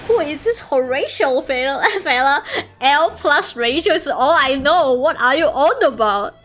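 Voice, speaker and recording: A woman's voice: high voice, lively intonation, a little slow, a bit bright, soft background music. A woman streamer giving casual game commentary, full of profane, mocking asides.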